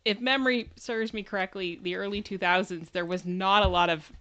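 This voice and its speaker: A woman's voice: medium pitch, steady tone, a little fast, fairly bright tone, highs cut off. A woman from Canada co-hosting a casual livestream, chatting and explaining things. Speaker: co-host.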